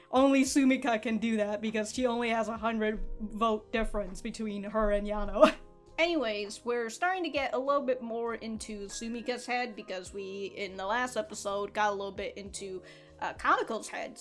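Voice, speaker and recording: A young woman hosting an anime reaction, chatting casually, laughing often, swearing freely and restarting her sentences. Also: fairly high pitch.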